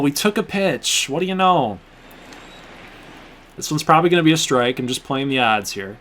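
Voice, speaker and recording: A man's voice: on the high side, expressive, normal speed, pauses often, a bit bright. A young man hosting a gaming channel, chatting to viewers with casual play-by-play while he plays a baseball video game. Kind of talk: casual gameplay commentary.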